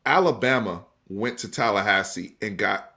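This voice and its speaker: A man's voice: lowish voice, normal speed, pushed and bright. Guy hosting a sports live stream, emphatic, chatty, keeps restarting his words. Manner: emphatic and conversational, addresses viewers directly; repeats and restarts words when fired up. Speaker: sports talk show host.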